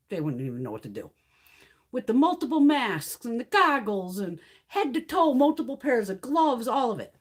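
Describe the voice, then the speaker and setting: A middle-aged woman chatting on her livestream, ranting bluntly with lots of swearing and laughter as she reads comments. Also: a little high. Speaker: beauty livestream host. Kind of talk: casual chat while reading live comments.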